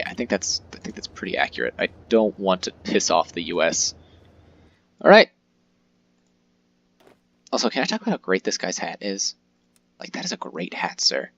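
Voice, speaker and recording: A man's voice: sits low, sing-song, normal speed, gravelly, pauses often, a bit bright, no echo, dull audio. A man casually commentating his own strategy game playthrough, chatty and joking with viewers. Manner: chatty, jokey, reacts aloud to the game. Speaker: let's-play host.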